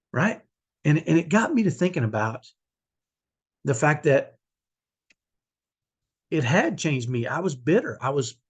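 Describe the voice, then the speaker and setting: A middle-aged man speaks to his viewers in a heartfelt, confessional vlog. His voice is husky and sits a little high, and he often restarts his sentences. He sounds emotional, close to tears. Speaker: vlogger, autism parent. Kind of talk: earnest personal vlog.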